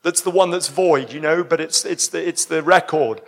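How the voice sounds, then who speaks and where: A man preaching a sermon full of stories, exuberant and breaking into shouts at high points. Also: normal speed. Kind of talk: sermon with storytelling.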